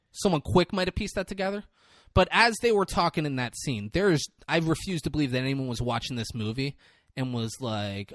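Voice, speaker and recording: Animated man on a podcast. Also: fairly high pitch, a little fast, hardly any pauses, no room sound, studio quality. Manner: animated, profane, acts out scenes. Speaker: podcast co-host. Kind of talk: casual chat.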